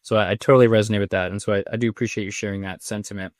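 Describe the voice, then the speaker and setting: A man's voice: on the low side, fairly even intonation, racing, no room sound, studio quality. A man in his thirties hosting a podcast interview, chatty and rambling, with many restarts in his questions. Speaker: podcast host. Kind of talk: conversational interview.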